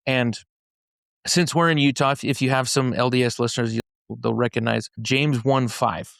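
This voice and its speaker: A man's voice: mid-range voice, fairly even intonation, moderate pace, vocal fry, fairly bright tone, no echo, studio quality. A man in a casual podcast conversation, retelling scripture stories in everyday slang and often restarting his sentences. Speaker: podcast speaker explaining a faith-based framework. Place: podcast studio in Utah.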